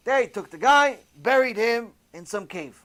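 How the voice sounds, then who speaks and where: A man giving an animated, conversational sermon, telling a story and sprinkling in Hebrew terms. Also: extremely high pitch, unhurried. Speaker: religious teacher.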